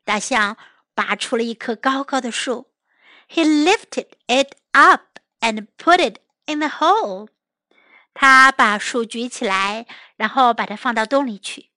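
Lady reading a kids story slow, high bright voice, dry close sound. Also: lively intonation, no room sound. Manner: reads each line then translates it, gentle and clear. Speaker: storyteller and English teacher. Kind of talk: bilingual children's story reading.

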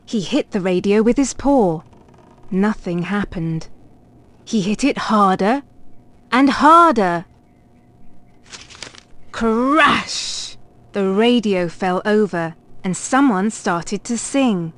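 Slow, clear woman reading a picture book. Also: mid-range voice. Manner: clear, expressive read-aloud. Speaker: storybook reader.

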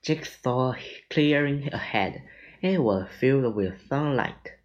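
A man slowly reading a children's chapter book aloud, deliberate and stumbling now and then, on a dull lo-fi recording. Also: medium pitch, expressive. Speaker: narrator.

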